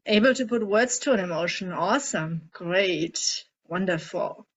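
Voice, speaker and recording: A woman coaching a group through a guided tapping and emotion-release exercise, speaking in a gentle, coaxing way and asking many guiding questions. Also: fairly low pitch, lively intonation, measured pace, highs cut off. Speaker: emotional eating coach leading a group session.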